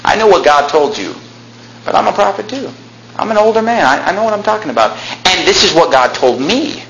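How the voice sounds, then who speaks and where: A man voicing a smooth-talking, lying old prophet who coaxes in a hushed, reassuring voice, heard in an echoey hall. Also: high-pitched, animated, fairly quick, dull audio, a little hiss or hum, exaggerated voice. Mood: coaxing.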